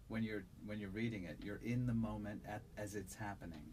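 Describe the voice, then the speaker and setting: A man who narrates audiobooks, answering interview questions in a relaxed, thoughtful way with a resonant voice and frequent fillers. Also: on the low side, fairly quick, few pauses, a little hiss or hum. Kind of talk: conversational interview.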